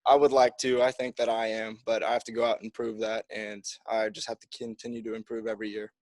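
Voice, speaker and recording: A man's voice: on the low side, flat delivery, fast talker, a little mellow, no room sound. A young man, a college football kicker, answering press conference questions in an upbeat, easygoing way. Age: young adult.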